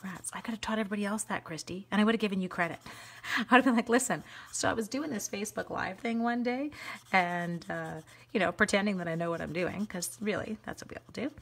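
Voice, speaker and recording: Chatty excitable woman hosting a craft stream. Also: medium pitch, fast talker, vocal fry. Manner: chatty, excitable, talks to viewers while coloring. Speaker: stamping demonstrator hosting a live stream. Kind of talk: casual live-stream craft demo.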